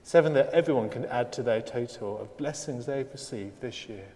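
A man's voice: mid-range voice, normal speed, dark tone. A man preaching a sermon at a church service, telling a story with dry humour and building to emphatic points. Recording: long reverb of a church hall.

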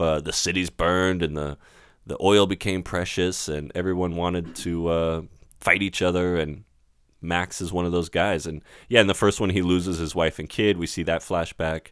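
A man co-hosting a casual movie review podcast, animated and laughing often as he talks. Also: deep voice, moderate pace, smooth, dry recording, clean studio sound. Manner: animated, laughs often, breaks into joke accents. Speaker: podcast co-host.

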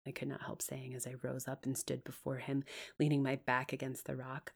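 A woman narrating a classic novel in the first person, measured and expressive, at times dropping to a hush. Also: rumbling low, gravelly, slightly rough. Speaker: audiobook narrator.

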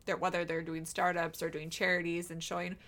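Chatty woman with a lowish voice. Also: flat delivery, a little fast, fairly bright tone. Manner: chatty, many fillers and restarts. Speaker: podcast co-host. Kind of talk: casual chat.

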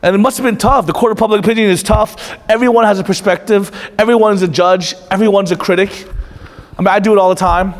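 A man with a fairly high voice preaches to his congregation. He talks to them like friends, at times lively and at times dropping low and intense. His voice trails off into the long reverb of a church hall. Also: fast. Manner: conversational preaching, swings from lively asides to hushed intensity. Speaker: pastor. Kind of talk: sermon.

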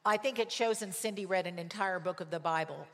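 A woman's voice: fairly low pitch, a little fast. A woman preaching a sermon, telling stories emphatically and repeating words for stress. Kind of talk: sermon with personal storytelling. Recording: long hall reverb.

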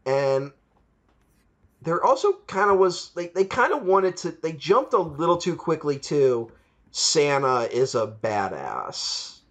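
Taking it slowly, this man speaks with a slightly high, very animated voice as he co-hosts a podcast. He reviews a film in loose conversation, rambling, laughing, and performing lines from it.

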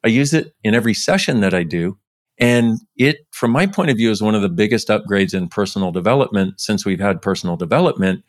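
Brisk and animated, a male podcast guest chats casually in an interview, spiking his pitch upward to stress points. The audio is dry and studio quality.

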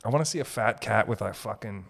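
A man's voice: on the low side, fast talker, vocal fry. A man hosting a comedy podcast, rambling through jokes in a giggly, profane way as he jumps from one bit to the next. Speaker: podcast host.

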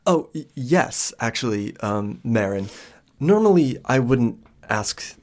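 A man's voice: mid-range voice, expressive, slow pace. A man voicing an old woman who is a village healer and elder, asking politely and hesitantly for help. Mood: earnest.

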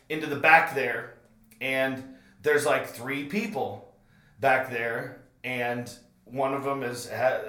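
Bright-voiced man telling a wild story. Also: mid-range voice, reverberant. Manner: profane, builds to frantic retelling. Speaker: podcast host telling a story. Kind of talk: animated comedic storytelling.

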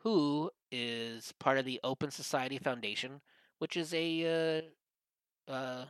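A man, co-hosting a casual podcast chat, rambling and profane, getting animated when he quotes others. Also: medium pitch, a little slow, clear, resonant tone, no room sound. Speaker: podcast co-host.

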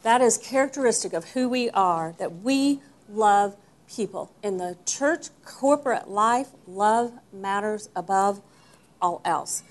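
A woman with a lilt teaches a church Bible class in a voice of ordinary pitch. She speaks with emphasis, stressing key words and asking her listeners questions as she goes. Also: expressive, unhurried. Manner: warm, emphatic, asks the group questions.

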